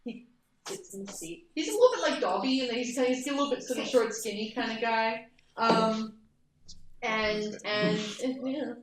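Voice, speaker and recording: Woman GM, higher voice, giggly and halting, heard from a distance in an echoey room. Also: expressive, a little hiss or hum. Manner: giggly, hesitant, repeats words. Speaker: game master. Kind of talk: narrating a tabletop game.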